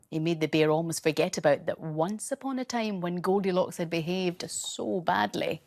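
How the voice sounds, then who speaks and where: Brief: a gentle woman teacher reading a bedtime story, slow and very lively in pitch.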